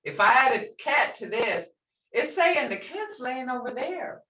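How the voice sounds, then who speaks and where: A woman teaching a language class, animated, acting out reactions and laughing often. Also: sits high, a little slow. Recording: roomy classroom sound from far off.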